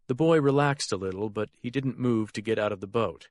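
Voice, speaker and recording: A male audiobook narrator reads a crime thriller in a steady, measured delivery with a lowish voice. The scripted narration is recorded dry, in studio quality.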